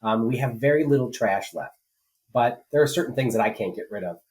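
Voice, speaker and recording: A man's voice: medium pitch, expressive, a little fast, a little mellow, a little hiss or hum, poor audio. A man co-hosting a political podcast, talking casually and rambling with many fillers and restarts. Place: rural home.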